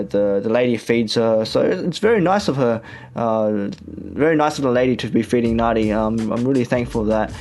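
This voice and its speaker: Chatty young Australian man hosting radio. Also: medium pitch. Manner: chatty and relaxed, with many fillers. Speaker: radio show host. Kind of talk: casual radio chat.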